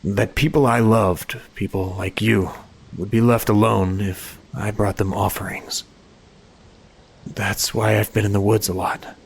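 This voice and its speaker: An actor playing an anguished young husband under a dark curse in a horror audio story, confessing in halting, stammering bursts. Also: male voice, on the low side, steady tone, gravelly, slightly rough, full character voice. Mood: tormented confession.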